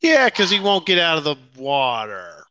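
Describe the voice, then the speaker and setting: A man's voice: on the high side, huge pitch swings, moderate pace, bright, forceful tone, clear, resonant tone, no echo, lo-fi sound. A man co-hosting a casual movie review chat, agreeable and chiming in with short replies. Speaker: podcast co-host.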